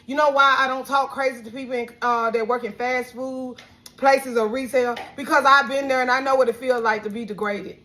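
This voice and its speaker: A woman from Alabama with a Southern accent, venting heatedly to her followers about a rude fast-food worker, cursing and at times close to tears. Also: high-pitched, sharp tone. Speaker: vlogger. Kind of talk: emotional venting rant.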